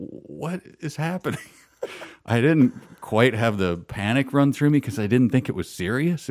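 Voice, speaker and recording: A man in his fifties from Minnesota, spinning a long story in casual conversation. His voice sits low and sounds dry and close. He rambles and keeps laughing at himself as he goes. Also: a little mellow, no room sound. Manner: rambling, self-amused storytelling with frequent laughs. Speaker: storyteller guest. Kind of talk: casual chat.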